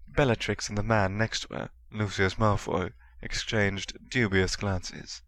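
A man narrating a story in a steady storytelling manner. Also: fairly low pitch, a little slow, hardly any pauses, no room sound. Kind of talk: fan reading of a story.

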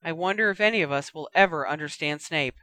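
A woman's voice: deep voice, fast, pushed and bright, no room sound. A woman reading a muttering, grumbling teenage boy.

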